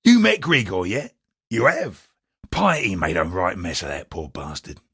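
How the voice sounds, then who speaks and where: An actor playing a gruff, sardonic male gambler in a video game, with a wry, husky drawl. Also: deep voice, huge pitch swings, unhurried, fairly bright tone, no room sound, clean studio sound, full character voice. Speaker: game character.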